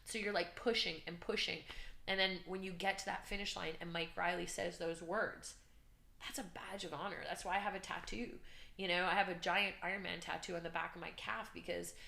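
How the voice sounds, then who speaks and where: A woman guest telling her story in an interview, animated and earnest, acting out shouts and her own inner voice. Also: fairly low pitch, fairly quick, gravelly, reverberant. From Canada. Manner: emotional, earnest. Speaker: podcast guest, business coach.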